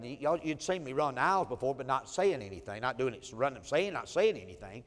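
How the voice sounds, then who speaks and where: A man's voice: medium pitch, lively intonation, fast talker, hardly any pauses, big-room sound. A man, a pastor telling a personal story in a sermon with heartfelt, emotional repetition. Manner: heartfelt, emotional telling with many repeated phrases. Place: church sanctuary.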